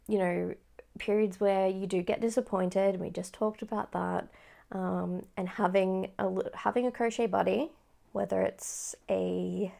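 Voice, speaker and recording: Chatty woman with a gravelly creak. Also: mid-range voice, dark tone. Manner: chatty, rambling with many fillers. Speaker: crochet vlogger. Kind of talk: casual chat.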